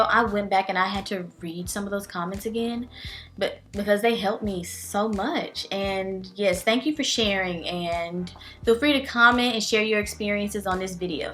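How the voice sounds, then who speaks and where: A woman's voice: medium pitch, sharp tone. A young adult woman, a teacher and vlogger, talking candidly and emotionally in a casual vlog, with many fillers. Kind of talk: casual vlog life update.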